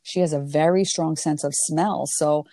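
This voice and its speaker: Woman, forties, host, low pitch, dry sound, agreeable. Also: fairly even intonation, moderate pace, warm tone, no echo. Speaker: podcast host. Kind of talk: casual interview chat.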